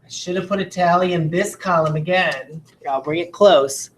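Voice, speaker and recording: A woman's voice: fairly low pitch, normal speed. A woman teacher giving a recorded video lesson, explaining each step patiently and checking in with questions to her listeners. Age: adult parent.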